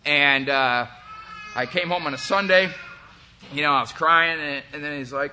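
A man's voice: mid-range voice, normal speed, sharp tone, a little hiss or hum. A man in his forties giving a candid, rambling personal testimony about recovery, profane and full of fillers. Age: 40s. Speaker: recovery speaker.

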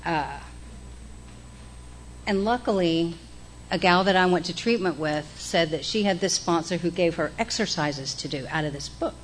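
A woman's voice: lowish voice, moderate pace, slight background noise. A middle-aged woman, candidly sharing her recovery story in a frank, profane, self-mocking way. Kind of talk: candid personal testimony.

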